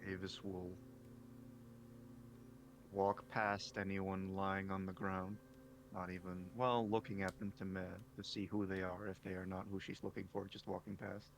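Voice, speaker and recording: A man playing a tabletop game, calm and low-key. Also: a little slow, vocal fry, a little hiss or hum. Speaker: player. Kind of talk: casual tabletop play.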